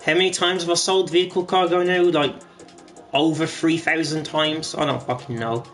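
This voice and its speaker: A man with a fairly high voice talks loosely to his stream viewers while he plays, rambling along and dropping the odd swear. Faint game music runs underneath him. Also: fairly even intonation, moderate pace, fairly bright tone. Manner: rambling, swears casually, frequent restarts. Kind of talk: casual gaming stream commentary.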